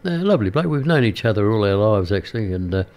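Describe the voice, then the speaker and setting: A man's voice: fairly low pitch, very animated, fast talker, darkish tone. An older man, a radio presenter chatting casually and rambling with many fillers and restarts.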